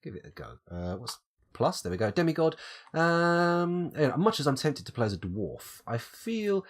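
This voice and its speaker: A British man streaming live gameplay, his voice husky and breathy from a cold. He thinks aloud and mulls over each option, and his pitch swings up and down in a lively way. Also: normal speed. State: has a cold, coughing.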